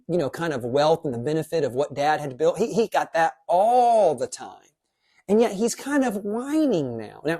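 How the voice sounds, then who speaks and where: A pastor giving a casual devotional teaching in a lively, conversational way, dropping quick asides. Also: medium pitch.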